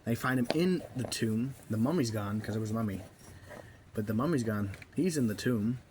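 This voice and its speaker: A man's voice: mid-range voice, animated, a little mellow, slight background noise. A man casually recapping and reviewing a book. He rambles, stalls and restarts, and fills the gaps with "you know". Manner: rambling, halting, full of fillers and restarts.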